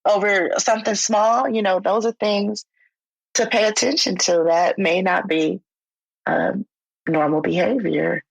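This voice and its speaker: A woman's voice: mid-range voice, fairly even intonation, measured pace, vocal fry, slightly rough, no room sound, rough recording. A woman who works as a clinical social worker, explaining mental health conversationally in a podcast interview and acting out quoted speech. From United States. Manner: conversational, acts out quoted speech, informal phrasing.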